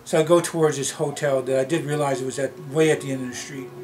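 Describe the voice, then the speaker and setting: A man from Canada telling a personal story to his camera in a rambling, halting way, with many restarts. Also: mid-range voice, steady tone, poor audio. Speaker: vlogger. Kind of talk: casual storytelling vlog. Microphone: camera mic. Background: background music.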